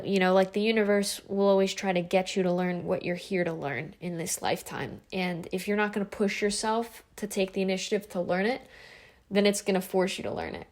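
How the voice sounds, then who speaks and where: A woman in her twenties talking to camera in a casual, reflective vlog, earnest and rambling, with lots of fillers and restarts. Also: medium pitch. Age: 20s. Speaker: vlogger.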